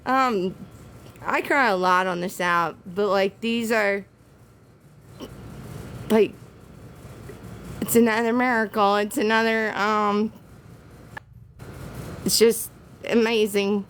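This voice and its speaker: A woman from the American South with a Southern accent, hosting a casual livestream and talking to her viewers in an emotional, halting, teary way. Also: medium pitch, fairly even intonation, a bit bright, slight background noise. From Southern United States. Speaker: livestream host.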